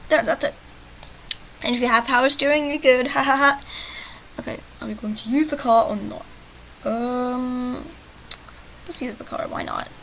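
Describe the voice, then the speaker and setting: A young woman reading a text game aloud and commenting on it in a chatty, sarcastic way, with loud outbursts. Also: sits high, fairly even intonation, normal speed, creaky, pauses often, a little hiss or hum, low-quality recording. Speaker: let's play gamer.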